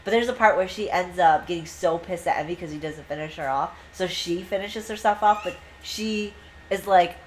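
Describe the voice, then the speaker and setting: A woman's voice: fairly low pitch, moderate pace, a little hiss or hum, poor audio. A woman co-hosting a podcast, chatting casually and profanely about a book and acting out lines from it. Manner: profane, gushing, acts out quotes. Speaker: podcast co-host. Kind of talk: casual book review chat.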